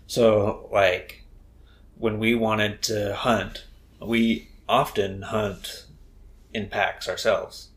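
A man's voice: fairly low pitch, flat delivery, drawn-out words. A man co-hosting a podcast in casual chat, thinking aloud hesitantly with fillers. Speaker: podcast co-host.

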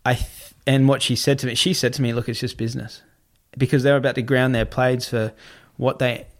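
A man, a podcast guest telling a story in a casual, animated way, often swearing and repeating himself. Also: mid-range voice, fairly quick. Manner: animated, repetitive, swears freely.

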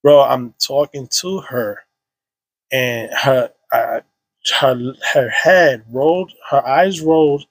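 A man's voice: mid-range voice, slow pace, husky, no echo. A man in his thirties, a podcast guest, telling an emotional personal story in casual slang full of restarts and fillers.

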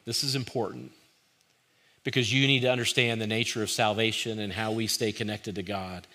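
Bright-voiced man preaching earnestly. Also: fairly low pitch, fairly even intonation, fairly quick. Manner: earnest, rising to forceful emphasis, dropping to hushed pleading in quotes. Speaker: pastor. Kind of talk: sermon.

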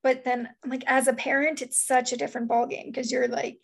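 High, gravelly woman chatting about parenting. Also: little pitch movement, a little fast. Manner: candid, rambling, lots of "like". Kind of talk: casual chat.

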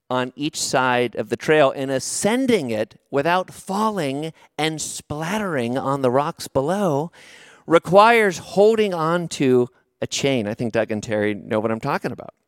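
A man's voice: fairly high pitch, no room sound, studio quality. A man preaching a sermon, telling a personal story with rhetorical questions and light humor. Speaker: pastor.

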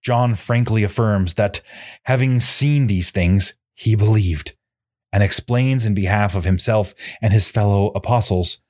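Solemn low-voiced male narrator. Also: darkish tone. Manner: solemn, measured reading of formal scriptural prose. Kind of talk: scripted narration.

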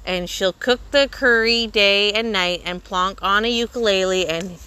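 A woman reading a story aloud with steady, measured narration. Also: medium pitch, clear, resonant tone. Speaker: reader.

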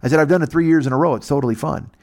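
This American man's voice is a little high and he talks very fast while telling a long comic story in a casual chat. It's an animated, profane telling, and he imitates the people involved with different voices.

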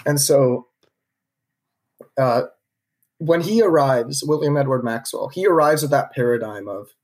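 A man's voice: medium pitch, a little slow, long pauses, darkish tone. Casual man telling a history story. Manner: conversational, with frequent fillers and restarts. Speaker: podcast co-host narrating history.

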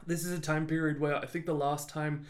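A man's voice: on the high side, flat delivery, a little fast. A man co-hosting a podcast, telling a history story in a casual, jokey way and laughing often.

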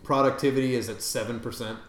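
Man host, wry casual delivery, mid pitch, roomy echo. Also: steady tone, fast. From Canada. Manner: wry, reads listener emails aloud. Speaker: podcast host. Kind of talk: casual chat. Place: room with several people. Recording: echoey room, faint background noise.

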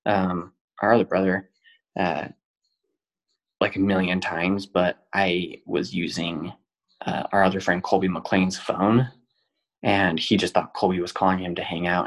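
A man's voice: sits low, rough recording. A young man telling a long personal story in earnest detail on a podcast, full of fillers. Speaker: guest.

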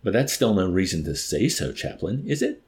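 A man's voice: fairly low pitch, very animated, normal speed, vocal fry, a little mellow, pitched above the performer's own voice. A man voicing a cold, mocking military officer interrogating a prisoner with nonchalant tartness.

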